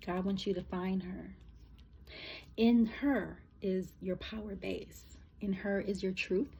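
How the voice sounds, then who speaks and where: Soft husky woman giving a rambling spiritual reading. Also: mid-range voice, fairly even intonation. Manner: rambling, emotional, halting with fillers. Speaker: spiritual reader. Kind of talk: casual channeled reading.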